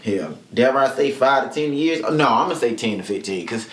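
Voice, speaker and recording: Male podcast host, casual comic storyteller with a swooping, lively voice and plenty of profanity, recorded in an echoey room. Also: medium pitch, a little fast. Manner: animated, profane, acts out quoted people. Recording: roomy echo.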